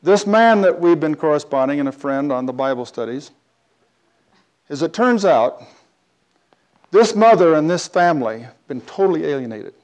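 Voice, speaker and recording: Animated man telling a story. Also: fairly high pitch, normal speed, long pauses. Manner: animated storytelling with big swings in loudness. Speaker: speaker telling a personal story. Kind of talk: storytelling talk.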